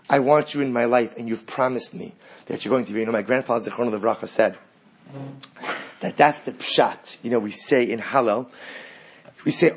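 Husky-voiced man giving an impassioned sermon. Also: medium pitch. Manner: impassioned, rising to emphatic peaks. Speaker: rabbi teaching Torah.

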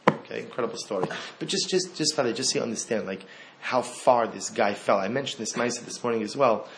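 A man giving an animated Torah talk. He repeats phrases and swings from hushed to loud. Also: medium pitch, fast talker, a little hiss or hum.

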